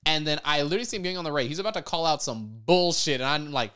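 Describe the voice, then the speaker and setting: A man's voice: fairly high pitch, rapid-fire, sharp tone, clear, resonant tone. A young man on a casual podcast, telling a story about himself and often laughing as he acts out the people in it. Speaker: podcast co-host.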